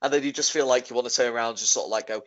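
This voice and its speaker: A man's voice: mid-range voice, rapid-fire, a bit bright. A man chatting casually, rambling and filling his sentences with "sort of, like". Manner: rambling, leans heavily on "sort of, like". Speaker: podcast co-host. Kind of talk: casual chat. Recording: dull lo-fi audio.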